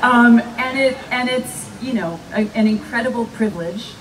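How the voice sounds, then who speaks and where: A woman actress telling lively stories as a guest at a live fan panel, often laughing. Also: a little high, normal speed. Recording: distant mic with faint background noise.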